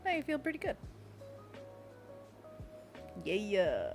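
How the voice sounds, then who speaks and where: A woman's voice: medium pitch, moderate pace, soft background music. Playful giggly woman hosting a livestream. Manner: playful, giggly, leads stretches with silly monkey noises. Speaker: livestream host. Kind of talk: casual livestream chat.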